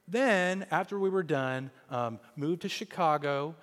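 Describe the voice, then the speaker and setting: Brief: male pastor in his 40s, raised in Kansas, lively sermon delivery, slightly higher voice, long church reverb. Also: measured pace. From Kansas, USA. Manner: animated, often repeats words when starting a thought.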